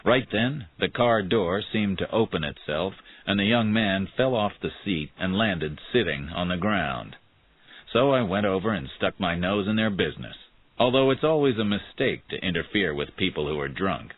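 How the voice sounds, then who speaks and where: Deep, husky male storyteller. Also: lively intonation, moderate pace. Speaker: narrator. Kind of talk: scripted narration of a graded reader. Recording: tinny phone-like sound.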